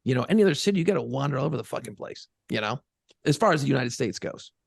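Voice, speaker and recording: A man co-hosting a podcast in casual chat, talking quickly, swearing and dropping laughing asides. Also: mid-range voice, animated, creaky, slightly rough, dry recording. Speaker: podcast co-host.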